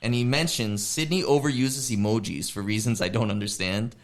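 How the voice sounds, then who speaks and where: A man's voice: mid-range voice, moderate pace. Male podcast co-host, casual storyteller who does the voices in his retellings. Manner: animated storytelling, acts out quoted chatbot lines. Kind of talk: casual chat.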